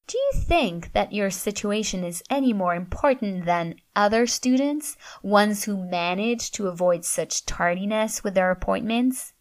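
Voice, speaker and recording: A frosty, exacting professor speaks in crisp, clipped, formal sentences, as a woman reading a story puts her on. The storybook voice has a mid-pitched tone. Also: animated, measured pace, few pauses, close to an everyday voice. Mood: stern. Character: stern, curt female professor, middle-aged.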